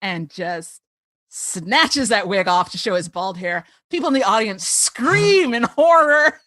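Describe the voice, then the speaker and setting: A woman's voice: medium pitch, measured pace, no echo. A woman hosting a podcast, chatting casually and retelling a cartoon episode with lots of laughter. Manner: giggly, animated storyteller. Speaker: podcast host. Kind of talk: casual chat recapping a cartoon.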